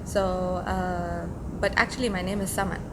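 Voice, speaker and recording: A woman in her twenties from the UAE, answering interview questions in a soft-spoken, relaxed way. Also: fairly low pitch, normal speed. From United Arab Emirates. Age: 20s. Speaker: guest. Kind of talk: casual interview chat. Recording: noisy background.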